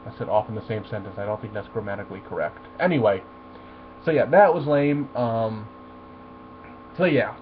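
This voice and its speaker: A man's voice: lowish voice, normal speed, pauses often. A man ranting animatedly and profanely through a review of a superhero film. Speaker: movie reviewer. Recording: tinny phone-like audio with faint mains hum.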